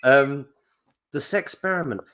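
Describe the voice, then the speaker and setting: A man's voice: medium pitch, measured pace, a bit bright. A man co-hosting a podcast, rambling through a story and acting out quotes in different voices. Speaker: podcast co-host. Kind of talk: casual chat.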